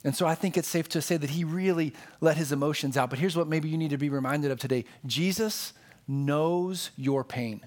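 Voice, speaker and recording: Earnest preaching man, slightly high voice. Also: normal speed, a little mellow. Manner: earnest, conversational preaching, emphatic repetition. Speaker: pastor. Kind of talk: sermon.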